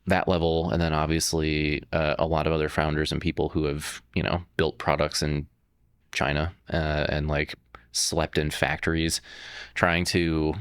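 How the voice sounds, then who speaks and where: A man's voice: extremely low pitch, little pitch movement, normal speed, smooth, dry recording, studio quality. A man, a startup founder, talking as a guest in a casual interview, rambling with many fillers and restarts.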